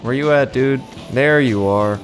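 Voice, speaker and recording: A man's voice: medium pitch, a little slow, faint music behind. A young man giving casual, sarcastic gameplay commentary, swearing freely and chuckling to himself.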